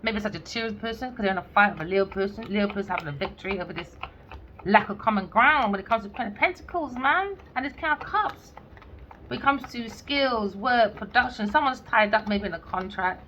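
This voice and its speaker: A woman talks through a tarot reading in a blunt, cheeky way, swearing and slipping into mocking bits of dialogue. Her voice is bright and sharp. The audio is a little dull and lo-fi, with a faint hiss of noise behind her. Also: mid-range voice, animated, brisk. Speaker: tarot reader. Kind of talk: casual tarot reading monologue.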